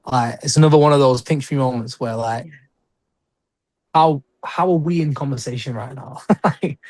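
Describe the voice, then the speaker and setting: A man's voice: mid-range voice, a little mellow, dry recording. A young British man, a wrestler, chatting casually in an interview, rambling with lots of "like" and short laughs. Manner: rambling, heavy use of "like", quick laughs. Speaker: guest wrestler.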